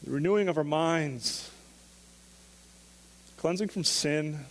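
A man's voice: on the high side, slow pace, in a large hall. A man preaching a sermon as pastor, talking in a conversational way and asking the listeners question after question.

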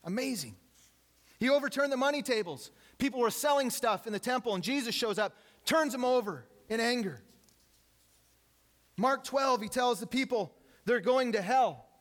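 A man's voice: very high voice, normal speed. A man preaching a sermon, retelling stories with humor and acting out the quotes. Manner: lively storytelling, acts out quotes with humor. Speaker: pastor.

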